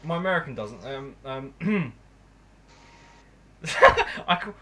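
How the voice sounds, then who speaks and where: English guy running a paranormal podcast, laid back, jokey, voice trails off low at the end of lines. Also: expressive, takes it slowly, a bit bright. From England. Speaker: podcast host. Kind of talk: casual group chat.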